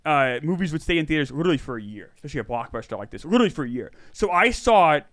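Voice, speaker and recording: A man's voice: a little high, very animated, rapid-fire, fairly bright tone, no room sound, clean studio sound. A man in his forties co-hosting a movie podcast, talking in an earnest, self-deprecating way. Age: 40s. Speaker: podcast co-host. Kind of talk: casual movie chat.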